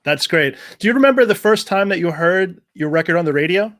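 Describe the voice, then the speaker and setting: A man's voice: high voice, lively intonation, fairly quick, a bit bright. Man, interview host, short reactions, laughs easily, video call audio. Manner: brief reactions, laughs easily, reads out listener questions. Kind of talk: casual interview.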